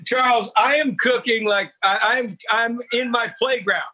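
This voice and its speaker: A man's voice: very high-pitched, fairly even intonation, pushed and bright, low-quality recording. A man chatting as a guest chef, telling stories exuberantly over a remote call. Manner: exuberant, rapid storytelling. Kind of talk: casual chat.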